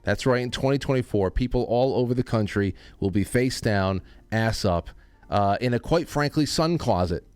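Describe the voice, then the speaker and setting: A man hosting a call-in show, talking casually and rambling with many halting restarts. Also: medium pitch, animated, a little mellow, clear, resonant tone, no echo, soft background music. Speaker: host. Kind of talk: casual chat.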